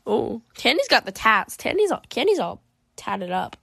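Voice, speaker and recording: A woman's voice: on the high side, big pitch swings, normal speed, creaky, no room sound, studio quality. A woman chatting animatedly and giggling as she plays a story game, reading its choices aloud. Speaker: gaming video creator.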